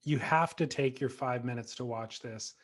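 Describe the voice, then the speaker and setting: Male podcast co-host, middle pitch, keen and teasing, casual chat. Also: normal speed. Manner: enthusiastic, teasing banter.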